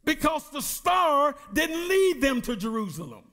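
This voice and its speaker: Middle-aged pastor, male, high animated voice, deliberate preaching delivery. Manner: preaching with call-and-response questions to the congregation; reads scripture slowly with emphasis. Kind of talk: sermon.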